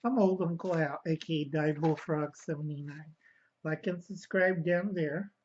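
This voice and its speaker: A man's voice: fairly high pitch, steady tone, moderate pace, highs cut off, a little hiss or hum. A man vlogging a casual political rant, rambling, correcting himself, and angrily calling his viewers kids. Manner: angry, addresses viewers as kids.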